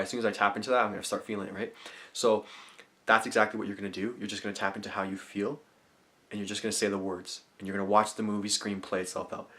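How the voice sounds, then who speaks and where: A man with a fairly low voice speaks to camera, guiding a visualization. His explanations come in eager, rambling stretches full of restarts, and he falls into quiet, murmured affirmations. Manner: drops to soft, murmured affirmations, laughing often. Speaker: self-help vlogger. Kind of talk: guided visualization demonstration to camera. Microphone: camera mic.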